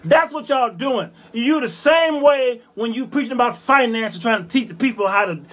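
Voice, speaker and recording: Very high-voiced man ranting fiercely. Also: normal speed, background noise. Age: 50s. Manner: fiery, scolding, preachy, bursts of shouting; repetitive hammering phrases. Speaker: show host. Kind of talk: ranting monologue.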